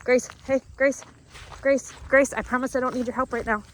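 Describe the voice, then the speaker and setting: With a high-pitched, steady voice at normal speed and slight background noise, a young farmer vlogger from the Upper Midwest narrates her outdoor work among the cattle. She's a little out of breath and chatty, addressing the animals in a playful sing-song.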